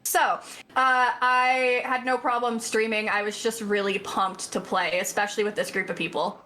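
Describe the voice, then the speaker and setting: Bright, upbeat young-sounding woman. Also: a little high, level tone, moderate pace, a little hiss or hum. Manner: upbeat, enthusiastic. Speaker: player. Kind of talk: casual chat.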